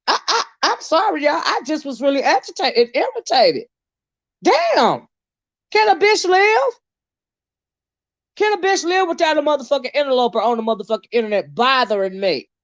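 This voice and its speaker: A woman host ranting on a live stream, swearing heavily and swinging between shouts and mutters. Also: sing-song, fairly quick, no room sound, muffled recording. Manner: profane, heated, swinging pitch. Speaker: online commentator.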